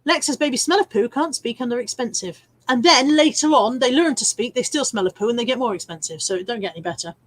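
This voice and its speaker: A middle-aged woman reads viewer comments on her casual live stream, chatty and cheeky, with frequent laughter and the odd swear. Her slightly high voice has lively intonation and a quick pace with few pauses, recorded dry.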